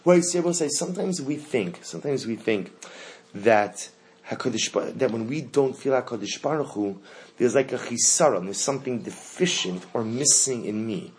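A man's voice: mid-range voice, expressive, moderate pace, a little mellow. A man teaching a Torah lesson to a class. He asks the students questions and repeats the key phrases.

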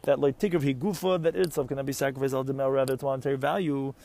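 Fast-talking man teaching Talmud. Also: mid-range voice, fairly even intonation, gravelly, warm tone. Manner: explains Aramaic text line by line in English, with rising questions. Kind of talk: Talmud lecture.

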